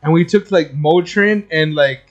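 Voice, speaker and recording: A man's voice: on the high side, a little slow, highs cut off. A man co-hosting a podcast, telling stories among friends with lots of laughing and swearing. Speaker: podcast co-host. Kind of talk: casual chat among friends.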